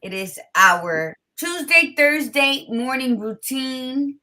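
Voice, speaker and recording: A woman hosting a casual talk show, blunt and expressive, with a tired morning voice, dropping in Spanish greetings. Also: sits high, takes it slowly. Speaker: podcast host. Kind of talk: casual chat.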